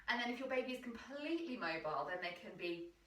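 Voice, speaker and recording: A woman teaching a yoga class, giving gentle, encouraging cues timed to the breath. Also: on the high side, very animated, quick pace. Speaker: yoga instructor. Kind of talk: guided yoga class instruction. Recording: roomy sound from a distant mic.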